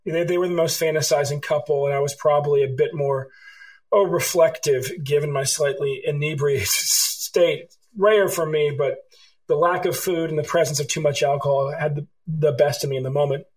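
A man's voice: fairly high pitch, moderate pace, poor audio. A middle-aged man from California, an author telling stories in an interview and acting out the dialogue. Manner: animated storyteller, acts out dialogue. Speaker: author and guest. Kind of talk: storytelling interview answers.

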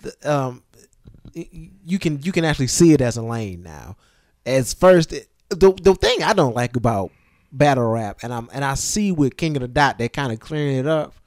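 A man with a mid-range voice talks on a podcast, recorded dry and close. He goes through his complaints one point at a time in an even, measured manner. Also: medium pitch, no room sound. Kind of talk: casual chat.

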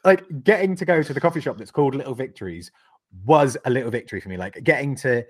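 A man's voice: medium pitch, expressive, quick pace. A man from the UK co-hosting a podcast, telling a rambling, sweary story with frequent laughs. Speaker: podcast co-host. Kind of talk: casual chat.

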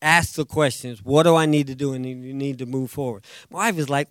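A man preaching a sermon as pastor, animated, acting out quotes and swinging between loud bursts and hushed asides. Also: medium pitch, a little fast, few pauses, dry recording, clean studio sound. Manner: animated, acts out quotes, jumps loud and soft.

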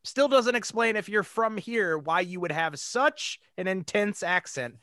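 A man's voice: sits high, a little slow, no echo. Male host, casual storyteller, laughs as he goes; dry, close sound. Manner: animated, laughs through his own story.

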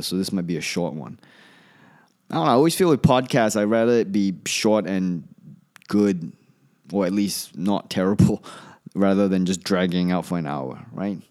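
A man's voice: deep voice, darkish tone. A man hosting a solo podcast, talking in a rambling, chatty way with many restarts and a slight Australian accent. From Asia. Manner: rambling, chatty, self-correcting. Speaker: podcast host and comedian.

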